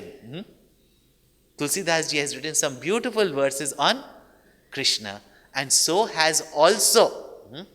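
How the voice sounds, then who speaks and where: He is a spiritual teacher recounting stories in a discourse, peppering them with frequent "hmm?" and "no?" as he checks in with the audience. The voice is mid-range, with a bright, forceful tone, heard through long hall reverb.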